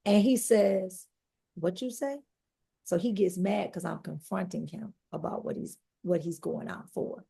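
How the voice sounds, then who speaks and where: A woman's voice: lowish voice, normal speed, gravelly, hardly any pauses, warm tone. A woman guest on a podcast, earnestly telling her own life story and speaking straight to the listeners. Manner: earnest, addresses listeners directly. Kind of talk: personal testimony storytelling.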